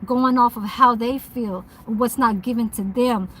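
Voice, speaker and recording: A woman's voice: on the high side, fairly even intonation, measured pace, a little hiss or hum, low-quality recording. Blunt, profane woman ranting from her car. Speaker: vlogger and mobile nail tech. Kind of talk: casual ranting vlog. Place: parked car.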